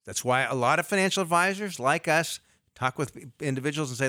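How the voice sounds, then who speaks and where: A middle-aged man, a financial advisor, explaining investing on a radio talk show in a lively way with everyday analogies. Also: a little high, fast, dry recording, clean studio sound.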